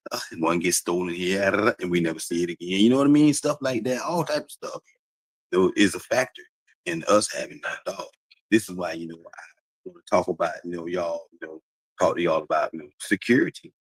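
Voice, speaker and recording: A lower-voiced man, rambling in a loose and preachy way to his livestream viewers. His pitch jumps around a lot as he repeats himself, laughing here and there, in a dry, close recording. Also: brisk, husky, no echo, poor audio. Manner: animated, repetitive, preachy, laughs often. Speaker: dog breeder talking to a stream audience. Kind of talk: casual livestream talk.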